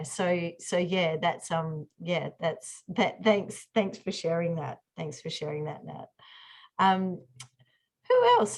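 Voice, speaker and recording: Woman, workshop host on a video call, chatty, lots of ums and restarts. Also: medium pitch. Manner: chatty, many fillers and restarts. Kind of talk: online group workshop.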